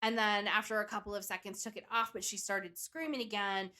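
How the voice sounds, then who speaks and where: A young woman with a bright, clear voice recounts a story to her friends on a podcast. She talks casually, full of "like" and "um", in a relaxed and chatty flow. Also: mid-range voice, a little fast. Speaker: podcast co-host telling the case. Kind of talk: casual chat.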